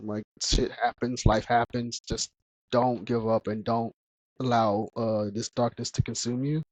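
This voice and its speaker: Man hosting a podcast in relaxed conversation, a mid-range voice, laughs often as he tells stories. The sound is dry and close, with no room echo. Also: mid-range voice, a little slow. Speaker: podcast host. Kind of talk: casual podcast chat.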